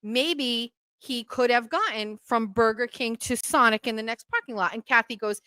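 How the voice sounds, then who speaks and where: A woman tells a story on her own show, lively and quick to act out everyone's lines. Her voice sits a little high and sounds bright and forward. The recording is close and dry. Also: clear, resonant tone, dry recording. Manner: animated, acts out quoted voices. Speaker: podcast host. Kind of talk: casual storytelling.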